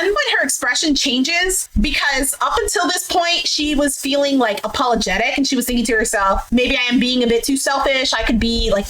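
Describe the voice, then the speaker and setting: A woman recapping a dating show episode in a casual, animated way, quoting the cast as she retells each scene. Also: on the high side, rough recording. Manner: retells scenes animatedly, acting out quotes with "he's like". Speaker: recap vlogger. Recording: faint background noise.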